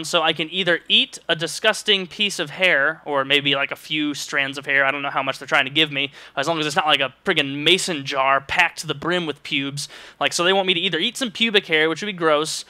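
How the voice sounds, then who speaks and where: A man's voice: on the high side, brisk, pushed and bright, dry recording. A young man vlogging comedic commentary, with sarcastic, exaggerated rants into a close mic.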